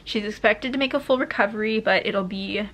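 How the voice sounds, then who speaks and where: A woman's voice: medium pitch, fairly quick, fairly bright tone. A young woman vlogging a candid life update as a mom, talking in a rambling way full of fillers and restarts, emotional and close to tears at times.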